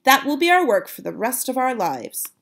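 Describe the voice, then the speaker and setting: A woman's voice: sits high, big pitch swings, normal speed, creaky, a bit bright, pitched above the performer's own voice, exaggerated voice. A woman doing a fiery old grandmother. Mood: grand, rousing. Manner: emphatic, exclaiming. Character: spirited, fierce old grandmother.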